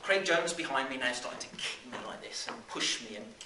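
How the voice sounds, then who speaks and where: A man in his thirties from the West Midlands of England, telling a story to a live audience in an animated way, with plenty of fillers and restarts. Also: medium pitch, a little fast. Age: 30s. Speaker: business speaker. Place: seminar room. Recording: roomy live room, distant mic, faint noise.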